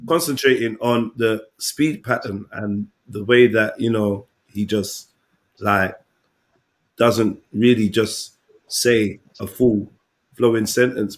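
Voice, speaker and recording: A man talking casually in a relaxed group chat, full of slang and easy banter. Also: on the low side, low-quality recording. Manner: laid-back slangy banter. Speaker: podcast host.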